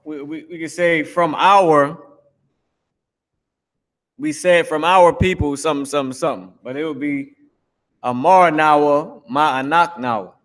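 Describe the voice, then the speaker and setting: A man's voice: on the high side, measured pace, long pauses, fairly bright tone. A man teaching a live online language class, talking casually, repeating himself, and grumbling when the stream drops. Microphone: streaming to Facebook and YouTube.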